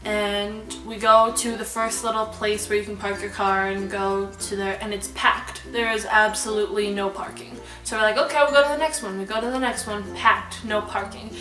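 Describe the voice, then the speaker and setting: Young woman vlogger, excitable and chatty; roomy, slightly distant sound with light background music. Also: medium pitch, moderate pace, few pauses. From Alberta, Canada. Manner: bubbly, excitable, rambling with fillers. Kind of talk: storytime vlog. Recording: echoey room, slightly distant mic, soft background music. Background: soft background music.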